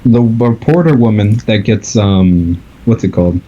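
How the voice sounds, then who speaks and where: A man's voice: on the low side, animated, measured pace, dark tone, dull audio. A man casually talking through a movie plot with a friend, loose and rambling. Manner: loose, rambling, with fillers and laughs. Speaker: movie reviewer. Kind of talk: casual movie recap chat.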